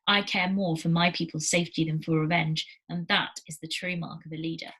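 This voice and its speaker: A woman's voice: sits low, level tone, a little fast, fairly bright tone, breathy edge. A woman voicing a cold, commanding leader of a banished people in a storybook read-aloud. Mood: scornful.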